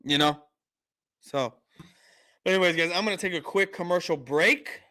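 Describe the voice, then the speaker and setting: A man's voice: high voice, moderate pace, pushed and bright. A man hosting a casual sports live stream, rambling and argumentative. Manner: rambling, lots of fillers and restarts, argumentative.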